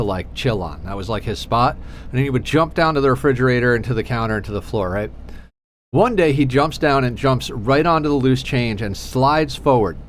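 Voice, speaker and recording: A man live-streaming a game, chatting casually with viewers, doting on his cat in playful baby talk and telling animated stories. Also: medium pitch, slight background noise. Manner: animated storyteller.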